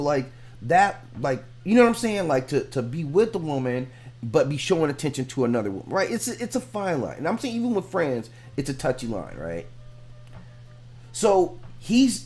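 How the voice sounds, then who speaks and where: A man's voice: a little high, sing-song, moderate pace, darkish tone. A man hosting a reaction video, giving frank, rambling commentary and repeating himself as he makes his points. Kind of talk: casual commentary.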